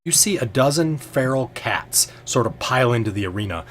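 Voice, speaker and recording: A man's voice: medium pitch, animated, fairly quick, a little hiss or hum. A man narrating as game master of a tabletop game, hesitant and full of ums and restarts.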